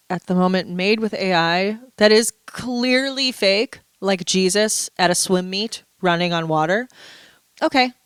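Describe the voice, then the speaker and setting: A woman's voice: medium pitch, fairly bright tone, smooth, no room sound. A woman vlogger in a casual, chatty monologue, playful and full of asides, a little stuffy and under the weather. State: stuffy, feeling unwell.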